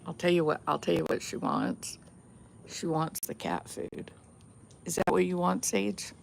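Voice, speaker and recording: A woman with a gravelly, creaky voice talks slowly and easily to her viewers. Her pitch swings widely as she chats. Faint outdoor noise and a dog can be heard behind her at sunrise by the water. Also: lively intonation. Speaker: vlogger. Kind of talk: casual morning vlog chat.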